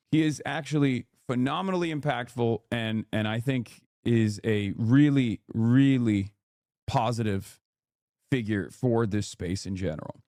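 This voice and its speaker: A man's voice: mid-range voice, moderate pace, darkish tone, no room sound, clean studio sound. A man in a played clip, speaking casually and thoughtfully, now and then trailing off. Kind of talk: casual talk.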